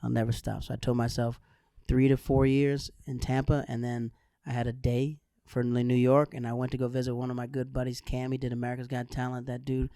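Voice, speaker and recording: A man from Florida hosting a podcast, telling lively anecdotes in casual chat and acting out the people in them. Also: mid-range voice, a little fast, hardly any pauses, smooth, no room sound, studio quality. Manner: animated anecdotes with lively voiced quotes. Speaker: podcast host.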